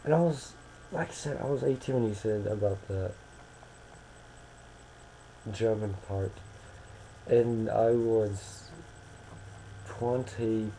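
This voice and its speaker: Young man, slow rambling webcam talker, low dark voice, jokes and corrects himself. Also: a little hiss or hum, rough recording. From Maryland, United States. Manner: rambling, self-correcting, joking. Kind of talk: casual webcam monologue.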